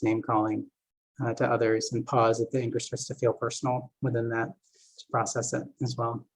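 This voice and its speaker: Relaxed man lecturing with lots of fillers. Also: mid-range voice, gravelly, husky, rough recording. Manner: casual, filler-heavy, many "like" and "uh". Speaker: group therapist and game master. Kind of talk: seminar lecture. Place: seminar talk.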